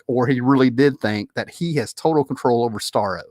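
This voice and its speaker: A man in the middle of his usual pitch delivers casual reaction commentary on a film. He rambles in an animated, exasperated way, restarting sentences and laughing to himself. His voice is close to the mic and completely dry. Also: fairly quick, no room sound. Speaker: movie commentary video host.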